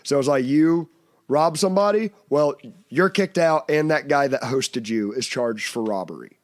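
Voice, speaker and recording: A podcast host with a medium-pitched voice and a moderate pace chats in a casual, comedic way. He rambles, laughs often, and slips into mocking voices when quoting others.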